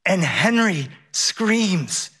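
A man's voice: sits high, very animated, extremely slow, crowd noise. A middle-aged man telling a personal story on stage, wry and vivid, with comic timing.

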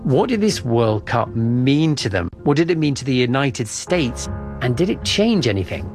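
A man's voice: medium pitch, sing-song, normal speed, music in the background. A man hosting a news program, introducing a guest and asking questions with some hesitant fillers. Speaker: host. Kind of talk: news podcast presenting.

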